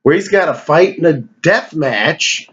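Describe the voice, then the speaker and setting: A man's voice: fairly high pitch, animated, a little slow, a bit bright, highs cut off. Rambling, profane male movie vlogger. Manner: digressive, profane, joking. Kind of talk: casual rambling movie rundown.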